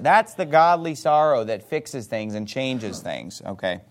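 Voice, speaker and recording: A man preaching a sermon, reading scripture and acting out quoted voices with lively energy. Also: mid-range voice, a little slow. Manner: animated, acts out quoted voices.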